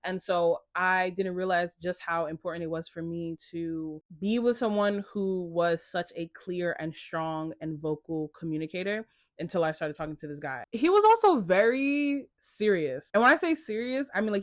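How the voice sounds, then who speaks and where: A young woman talks straight into the camera in a casual confessional vlog. She is chatty and animated, telling her story with plenty of "like." The sound is close and dry, with no room around it. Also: fairly low pitch, moderate pace, no room sound. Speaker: content creator.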